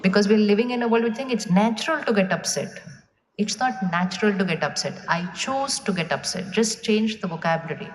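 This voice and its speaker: A woman's voice: mid-range voice, a little fast. A woman giving a spiritual talk to a live audience, asking them questions and waiting for their answers. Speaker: spiritual speaker. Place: large hall with an audience. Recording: echoey hall, faint room noise.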